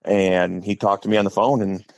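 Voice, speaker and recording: A man's voice: sits low, little pitch movement, moderate pace, a little mellow, no echo. A middle-aged man from Wisconsin, a football coach, telling stories casually and at length as a podcast guest. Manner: talkative, acts out quotes in stories. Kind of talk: casual storytelling.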